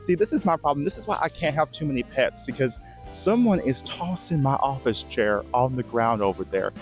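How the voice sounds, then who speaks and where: A man playing a vain, shy, emotional Bigfoot who gives a rambling, earnest tour of his forest home, with halting restarts, in a mock-documentary comedy. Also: medium pitch, expressive, soft background music, lightly acted. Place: outdoors in woods.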